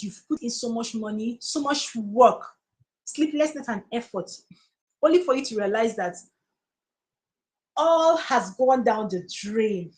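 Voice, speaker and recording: A woman's voice: fairly high pitch, a little mellow, low-quality recording. A woman with a Nigerian accent giving earnest, preachy encouragement on a live stream, repeating phrases for emphasis. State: tearful, close to crying. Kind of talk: motivational live-stream talk.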